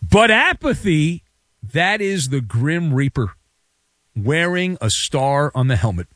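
A man's voice: on the high side, big pitch swings, takes it slowly, a bit bright, no room sound, studio quality. A man hosting a sports talk radio show, delivering a jokey, theatrical monologue with big swings in emphasis.

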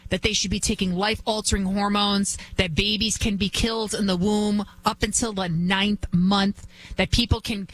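A woman's voice: mid-range voice, steady tone, moderate pace, fairly bright tone, rough recording. A woman hosting an opinionated political monologue, emphatic and repetitive. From United States. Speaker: political commentary host.

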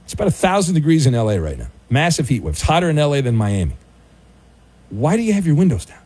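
Mellow-voiced male radio host. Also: fairly high pitch, sing-song, quick pace, breathy edge. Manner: dry, teasing, mock-sympathetic. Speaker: late-night sports radio host. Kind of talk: casual talk radio. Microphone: studio microphone.

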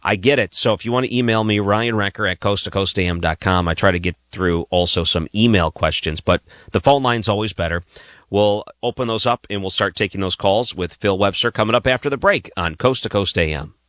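A man's voice: lowish voice, brisk, fairly bright tone, no echo. A man guest-hosting a late-night radio talk show, chatting casually and inviting callers. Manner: chatty, friendly asides. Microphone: studio microphone.

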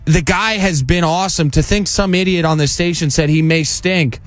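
A man's voice: on the high side, no echo, faint music behind. A man in his twenties co-hosting a sports radio show, joking and rattling off stats. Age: 20s. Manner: quick, jokey, rattles off stats. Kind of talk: casual sports radio banter. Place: radio studio. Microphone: studio mic.

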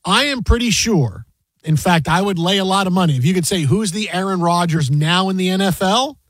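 Man, sports radio host, high voice, dry close mic, animated casual storytelling. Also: fairly quick, no echo. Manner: animated storyteller, loud sing-song impressions.

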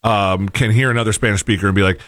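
A man's voice: on the low side, fairly even intonation, fast talker, a bit bright, dry recording, clean studio sound. A man from the United States co-hosting a casual talk show, rambling and hesitant with many fillers. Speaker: podcast co-host.

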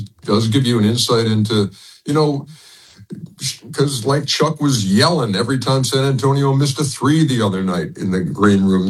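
A man's voice: mid-range voice, slightly rough, poor audio. An older man, a sports broadcaster, talking as a guest in a casual radio interview, rambling with frequent restarts and chuckles.

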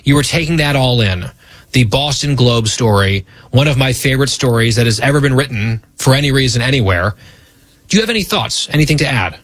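Male radio host, wry and teasing, slightly husky, close dry mic. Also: mid-range voice, lively intonation, a little fast, a bit bright, no echo. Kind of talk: bantering radio talk.

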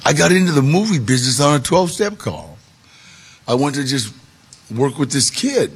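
A man telling a personal story to an audience, animated, with gravelly voice-play in the quotes. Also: fairly high pitch, moderate pace. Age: 40s or older. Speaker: guest storyteller.

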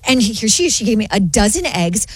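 A woman's voice: medium pitch, very animated, fast, husky, no room sound. A woman co-hosting a radio show in a studio, telling an everyday story in a chatty tone. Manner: chatty, laughs easily. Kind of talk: casual radio chat, storytelling. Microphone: studio microphone.

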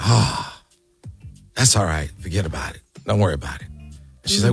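A man in his sixties tells his story as a talk show guest. He acts out each voice in his anecdotes. His voice sits low, with a rough gravel and a husky edge. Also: normal speed, pauses often, faint music behind. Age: 60s. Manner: animated storyteller, acts out quotes. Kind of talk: storytelling interview.

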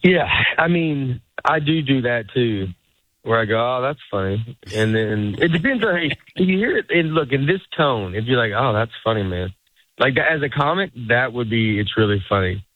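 A man's voice: medium pitch, animated, moderate pace. A middle-aged man talks casually as a comedian guest on a radio show, rambling and restarting his sentences as he acts out what others say. His voice comes through thin and phone-like, with a dry, close sound and no room echo. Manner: rambling, self-interrupting, acts out quotes. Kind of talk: casual interview chat.

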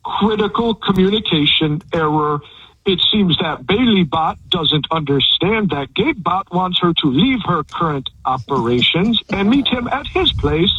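A man's voice: high-pitched, lively intonation, a little slow, sharp tone, husky, no room sound, highs cut off. A man on a prank call, talking in a stiff malfunctioning robot voice. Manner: stiff beeping robot impression. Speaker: prank caller.

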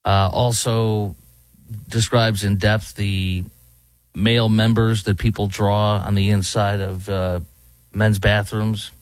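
A man's voice: fairly low pitch, little pitch movement, takes it slowly, no room sound. Heated ranting male talk host. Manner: heated, ranting, mocking impressions. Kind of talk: opinionated political commentary. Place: Dallas.

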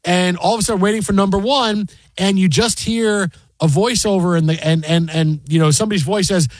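Guy hosting sports talk radio, higher voice, dry sound, goofs around a lot. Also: dry recording. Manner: playful, rambling, quick to joke. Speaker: radio show host. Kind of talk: casual sports talk chat.

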